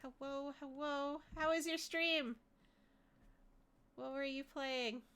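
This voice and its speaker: Slow-talking stuffy-nosed woman streamer. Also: high-pitched, fairly bright tone. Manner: chatty, reads chat aloud, yelps when startled. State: stuffy nose from a cold. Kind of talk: casual gameplay live stream. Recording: game music playing underneath.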